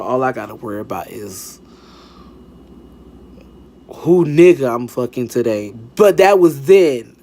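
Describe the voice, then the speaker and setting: A young man telling a casual storytime, sassy and dramatic, swearing freely and acting out the dialogue. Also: mid-range voice.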